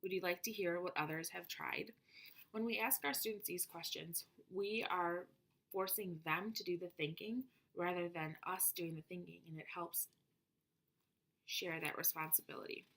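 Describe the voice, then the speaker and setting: Woman, lower voice, reads a prepared lecture on classroom methods, steady and explanatory. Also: moderate pace. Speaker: presenter of teaching methods. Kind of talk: reading a prepared presentation.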